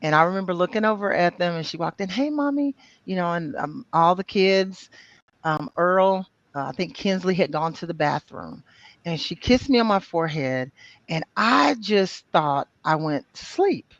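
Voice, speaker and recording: A middle-aged woman recounting her own story as an interview guest, animated and full of "you know" and "um" fillers. She acts out the voices of people she quotes. The sound is dry and a bit dull, like a lo-fi recording. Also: on the low side, moderate pace, no echo.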